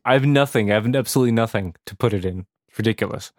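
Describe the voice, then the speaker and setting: A man's voice: on the low side, rapid-fire, a little mellow, no echo, clean studio sound. A man co-hosting a podcast, rambling and joking in casual chat. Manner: rambling, jokey, restarts often. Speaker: podcast co-host.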